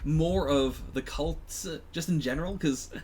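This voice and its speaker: A man's voice: a little high, measured pace, darkish tone, a little hiss or hum. A man co-hosting a reaction show, musing thoughtfully in casual chat and hedging as he thinks aloud. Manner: thoughtful, musing, many hedges.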